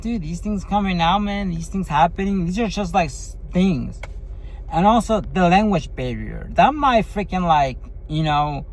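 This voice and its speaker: A man's voice: high voice, poor audio. A man giving a casual spoken movie review, rambling and full of fillers and tag questions.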